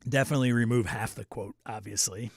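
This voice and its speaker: A man's voice: medium pitch, fairly even intonation, fast talker, gravelly, dry recording, studio quality. A man hosting a casual livestream chat, reading out viewer comments and laughing often. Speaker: host.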